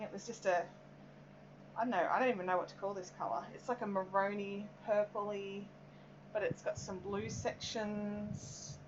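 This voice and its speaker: A woman's voice: a little high, dull audio, slight background noise. An Australian woman hosting a casual live craft stream, rambling as she works and reads out viewer comments. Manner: chatty and rambling, reading out viewer comments, many "um"s. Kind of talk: casual live-stream chat while working.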